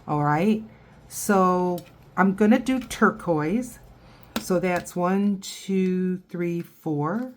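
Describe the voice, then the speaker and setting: A woman's voice: fairly low pitch, extremely slow, a little hiss or hum. A woman giving a casual painting tutorial, chatting and thinking aloud as she works. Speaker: watercolor instructor.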